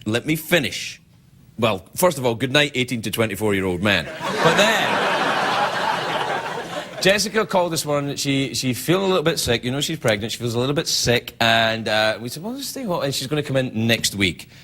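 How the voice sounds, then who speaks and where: A man's voice: mid-range voice, animated, moderate pace, background noise. A male late-night host rambling through jokes and viewer emails, often slipping into comic voices. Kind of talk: late-night comedy monologue. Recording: studio with loud audience.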